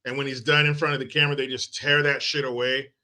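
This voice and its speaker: A man's voice: medium pitch, fast talker. Brash, mocking male commentary host. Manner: mocking, profane, animated. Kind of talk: comic political rant vlog.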